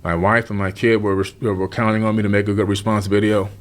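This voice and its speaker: A man with a fairly low voice talks regretfully and softly in a casual conversation. A faint rumble sits behind him. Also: level tone, fast. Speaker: guest in a conversation.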